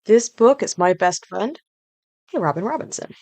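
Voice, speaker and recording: A woman's voice: mid-range voice, lively intonation, normal speed, a little mellow. A woman author and illustrator presenting and reading from her own children's book in a friendly, conversational way.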